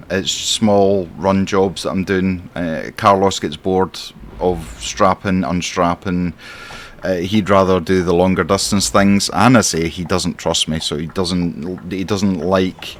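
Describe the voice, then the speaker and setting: Low-voiced Scottish man griping while gaming. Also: a little hiss or hum. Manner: rambling, exasperated griping. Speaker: simulation gamer playing a truck driver. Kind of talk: casual in-character game commentary.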